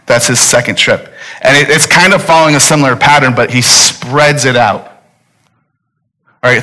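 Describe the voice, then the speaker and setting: A man in his thirties delivers a sermon with a bright, forceful tone. He tells the story in a loose, conversational way and keeps turning to the crowd with quick "right?" asides. He is speaking to a congregation in a church hall. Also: medium pitch. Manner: casual, animated storytelling with frequent "right?" asides. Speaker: pastor.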